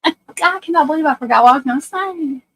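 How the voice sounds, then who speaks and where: A woman's voice: sits high, fast talker, fairly bright tone, low-quality recording. A woman, hosting a livestream and telling rambling, blunt, profane stories as she talks to her viewers. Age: 40s. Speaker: livestream host. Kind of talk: casual chat on a livestream.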